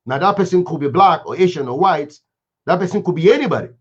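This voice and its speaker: A man's voice: fairly high pitch, animated, fast talker, slightly rough. A man giving an impassioned moral talk, with emphatic, repetitive lines like a preacher's. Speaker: speaker giving a moral reflection. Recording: dull lo-fi recording.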